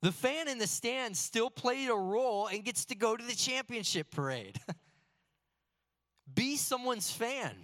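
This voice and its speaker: Male pastor, fairly high voice, earnest sermon delivery with slow emphatic lines, reverberant sanctuary sound. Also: lively intonation, a bit bright. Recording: long hall reverb.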